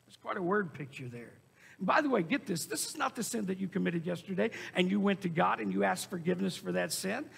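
A high-voiced man preaches a sermon, his tone gravelly and husky. He hammers his points with repetition and bursts into shouts. His voice rings with the long reverb of a church hall. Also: animated, fast. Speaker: pastor. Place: church sanctuary.

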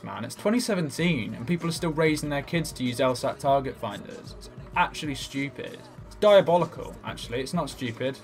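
A man's voice: medium pitch, expressive, brisk, soft background music. A young man swearing and bantering while doing comic impressions of his gaming friends over gameplay. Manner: profane, rowdy banter.

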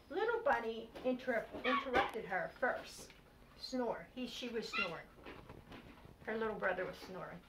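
An older woman reading a bedtime storybook aloud to a child, gently explaining and prompting as she goes. It is a distant home recording with noise behind. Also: medium pitch, roomy sound. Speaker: grandmother reading bedtime stories.

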